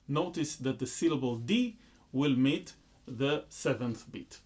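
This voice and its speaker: A man teaching a rhythm lesson, explaining slowly and chanting loud rhythm syllables. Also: medium pitch, animated, a little hiss or hum. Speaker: music teacher.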